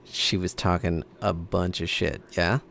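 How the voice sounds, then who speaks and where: A man's voice: low-pitched, steady tone, unhurried, vocal fry, a bit bright, slight background noise. A man streaming a game, chatting casually and prodding his friend with questions between reactions to the game. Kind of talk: casual chat over gameplay.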